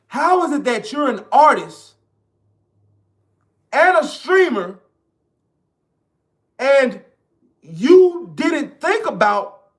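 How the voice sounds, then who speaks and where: A man ranting in casual, profane, emphatic commentary straight to his viewers. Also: very high-pitched. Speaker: online commentator.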